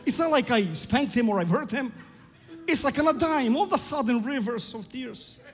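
A man's voice: very high-pitched, expressive, normal speed, in a large hall, faint music behind. A man in his thirties preaching a sermon, telling a family story and building to fervent climaxes.

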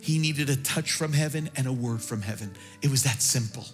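A man's voice: medium pitch, brisk, long reverb tail, soft background music. A man pastor preaching a sermon with impassioned delivery that swells toward near-singing peaks.

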